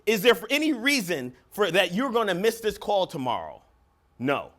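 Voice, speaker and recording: A man giving an energetic, emphatic motivational talk as a coach at a live seminar. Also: high voice, moderate pace. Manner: energetic, emphatic, acts out phone calls. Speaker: business coach and seminar speaker. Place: seminar room with live audience.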